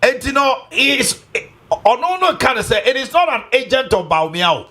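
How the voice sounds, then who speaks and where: A man with a Ghanaian accent hosts a political talk show with emphatic, animated questioning. His voice sits high and swings widely in pitch, and his tone is bright. He talks in a mix of English and Twi. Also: moderate pace.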